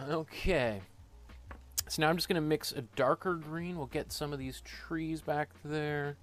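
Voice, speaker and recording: A man's voice: a little high, unhurried, vocal fry, fairly bright tone, faint music behind. A man with a Canadian accent teaching a painting class, thinking aloud while he works, with many fillers and restarts. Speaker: art teacher.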